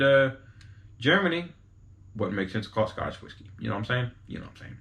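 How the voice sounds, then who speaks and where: A man talking casually to his viewers in a mid-pitched voice. He explains things in a loose, chatty way and keeps turning to the audience with quick asides. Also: a bit bright. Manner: chatty, informal, talks straight to viewers with asides. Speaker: host explaining whiskey types.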